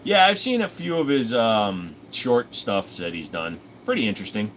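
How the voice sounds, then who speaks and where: A man with a Southern US accent hosts a firearms livestream, rambling, profane and poking fun at himself. His pitch swings widely as he chats, with a faint room ambience underneath. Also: animated, normal speed, a bit bright, a little hiss or hum. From Virginia, US. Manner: rambling, profane, self-mocking. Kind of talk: casual livestream chat.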